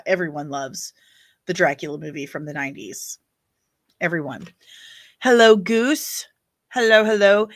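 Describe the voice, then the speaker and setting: A woman's voice: low-pitched, fairly bright tone. A woman hosting a casual livestream, chatty and opinionated as she reacts to viewer comments. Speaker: livestream host reading chat.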